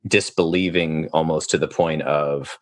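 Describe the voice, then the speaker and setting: Man, very deep voice, dry close sound, podcast host, thoughtful, rambling, lots of ums. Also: fairly even intonation, unhurried, no room sound. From United States. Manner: thoughtful, rambling, many fillers and restarts. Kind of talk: conversational podcast interview.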